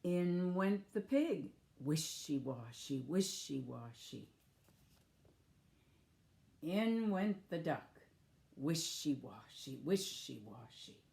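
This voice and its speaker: A woman's voice: low-pitched, big pitch swings, takes it slowly, creaky, mellow. A woman reading picture books aloud to young children, inviting them to join in the actions and sound effects. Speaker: children's storyteller.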